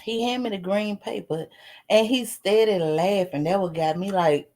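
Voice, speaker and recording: A woman livestreams a casual story straight to her chat. Her voice sits in the middle of a woman's range and stays lively. She swears freely, laughs as she talks and keeps asking her viewers to answer her. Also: mid-range voice, moderate pace. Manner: laughs while talking. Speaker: live streamer.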